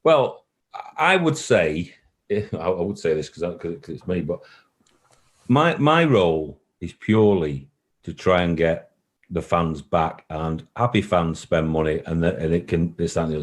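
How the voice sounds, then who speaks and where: A man who runs a football club, answering interview questions in an earnest, repetitive way. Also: deep voice. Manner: earnest, repeats himself, emotional at times. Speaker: football club chief executive. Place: call recording.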